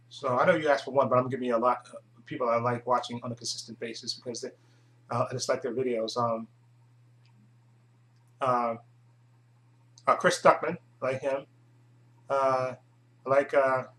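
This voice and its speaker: A man's voice: medium pitch, fairly even intonation, moderate pace, long pauses, a bit bright, rough recording. A man hosting his own video channel, chatting casually to camera with many hesitations and restarts. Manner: rambling, full of hesitations and restarts. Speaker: YouTube channel host.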